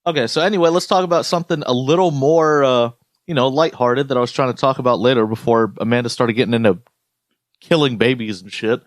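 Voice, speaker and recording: Talking fast in a mid-range voice, a young man from the United States co-hosts a podcast, ranting casually with plenty of swearing and animated storytelling. The sound is studio quality, without echo.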